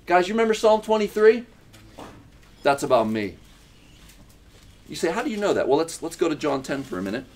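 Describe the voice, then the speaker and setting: A man preaching a sermon as pastor, emphatic, with repeated phrases and rhetorical questions. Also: fairly high pitch. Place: church in Uganda.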